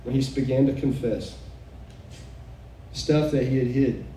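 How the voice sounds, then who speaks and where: A woman preaches a sermon with fervor, breaking into exclamations and soft chuckles. Her voice is mellow and dark. She is heard from some distance in a reverberant room, with a faint hiss underneath. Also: a bass voice, fairly even intonation, a little slow. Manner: fervent, exclaiming, chuckling asides. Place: room with a live audience. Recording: echoey room, mic far off, faint noise.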